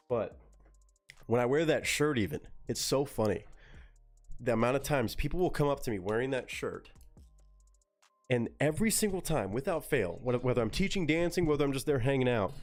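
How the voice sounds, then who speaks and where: A Texan man tells stories on a casual live stream, cursing freely and mimicking people in quick put-on voices. His voice sits at a middling pitch, and faint music plays behind him. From Texas. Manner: profane, animated storytelling with mimicked voices. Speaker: streamer reading chat.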